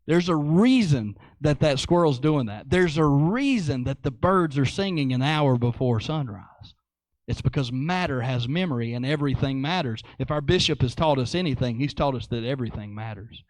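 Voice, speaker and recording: A man preaching a sermon in an animated way, repeating phrases for emphasis. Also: mid-range voice, moderate pace, no room sound.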